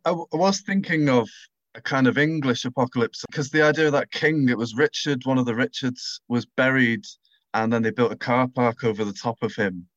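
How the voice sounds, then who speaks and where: A man's voice: medium pitch, a little fast. Enthusiastic guy rambling, muffled lo-fi sound, no room echo. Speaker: writer and panelist. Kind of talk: casual chat. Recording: dull lo-fi mic.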